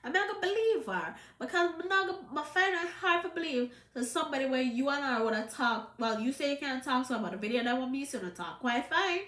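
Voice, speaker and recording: A woman's voice: sits high, expressive, a little fast, few pauses, fairly bright tone, echoey room. A Jamaican woman with a trace of a British accent, giving an emphatic, scolding commentary to camera in patois. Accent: Jamaican, with some British. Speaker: vlogger.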